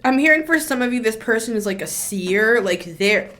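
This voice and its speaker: A woman's voice: fairly high pitch, expressive, normal speed, a bit bright. A woman giving a casual spoken tarot reading as a channeler, chatty and blunt, with lots of filler words and some swearing.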